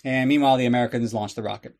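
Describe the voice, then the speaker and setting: A man's voice: mid-range voice, steady tone, very fast, darkish tone. A man hosting a podcast who recaps a film in a casual, sarcastic way, swearing and riffing as he goes. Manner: sarcastic and profane, riffing on the plot. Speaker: podcast host. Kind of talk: casual comedic movie recap.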